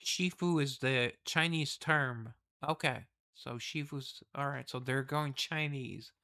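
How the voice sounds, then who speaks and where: A man's voice: mid-range voice, slow pace, vocal fry, sharp tone, clear, resonant tone. A man casually reading a game's story aloud and rambling through asides and self-corrections. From the West. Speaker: game streamer reading the story.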